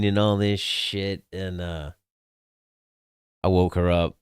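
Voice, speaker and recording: A young man tells a story with candid, crude humor, swearing and laughing at himself. His voice sounds smooth and resonant and sits a little low. It is recorded close and dry, with no room echo. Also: little pitch movement, takes it slowly. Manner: candid, crude, self-mocking, swears freely. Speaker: podcast host. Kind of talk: casual storytelling.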